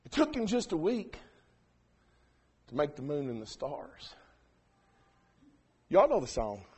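A preacher, delivering a sermon that swings from quiet asides to shouted emphasis. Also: male voice, fairly high pitch, wildly swooping pitch, slow pace, slightly rough. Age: 40s.

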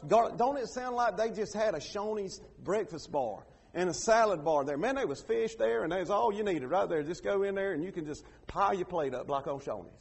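A man, a pastor preaching a sermon in a folksy way, acting out quotes loudly. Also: sits high, lively intonation, normal speed, few pauses, husky. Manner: folksy preaching with sudden loud acted quotes.

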